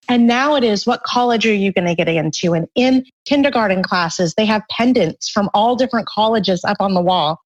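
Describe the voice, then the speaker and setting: Woman guest author, mid-pitched, earnest explainer, slightly muffled recording. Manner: earnest, explanatory, acts out parents' voices briefly. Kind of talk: conversational interview.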